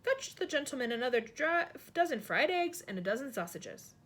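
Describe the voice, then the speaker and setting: A woman voicing a composed, regal queen who speaks in a dry, measured way in a storybook reading. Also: high-pitched, big pitch swings, fairly bright tone, full character voice.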